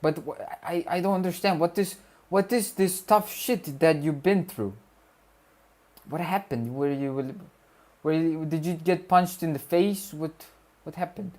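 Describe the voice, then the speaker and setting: A young male student hanging out with viewers on a livestream rambles, repeats himself and tosses out slang jokes. His voice sits a little high, slightly mellow, at a measured pace.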